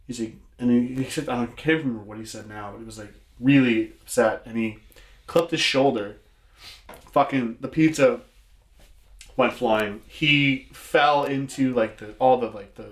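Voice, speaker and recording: A man telling a long story in casual chat, rambling with lots of filler words and swearing. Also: mid-range voice. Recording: echoey room.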